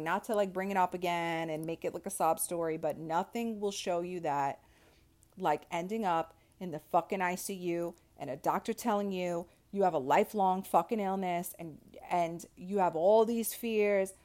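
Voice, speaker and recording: A woman's voice: medium pitch, a little mellow. A woman in her thirties talking straight into her podcast mic with a fiery, motivational push. She swears at nearly every turn and gets so worked up that she shifts around in her chair. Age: 30s. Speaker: podcast host. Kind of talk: motivational monologue.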